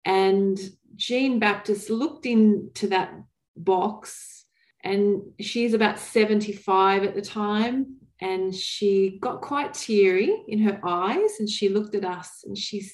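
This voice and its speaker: A woman, telling stories in an interview in an earnest, thoughtful way, with pauses and restarts. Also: medium pitch, steady tone, a little mellow, roomy sound. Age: 40s. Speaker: guest. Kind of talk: reflective interview storytelling.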